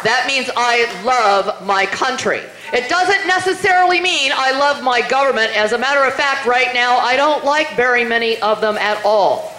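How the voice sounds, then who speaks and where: A woman's voice: on the high side, lively intonation, normal speed, sharp tone. A middle-aged woman giving a rousing, emphatic political rally speech in a meeting room, firing rhetorical questions at the crowd. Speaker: political speaker. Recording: roomy hall, faint noise.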